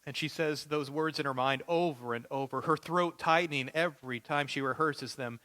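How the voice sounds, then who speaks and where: A man's voice: on the high side, moderate pace, pushed and bright. A male pastor preaching a sermon with vivid, dramatic storytelling.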